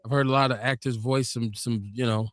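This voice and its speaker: A man hosting a podcast, telling stories and arguing his points in an animated, emphatic way. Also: medium pitch, a little fast, no echo, studio quality. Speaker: podcast host. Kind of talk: casual debate talk.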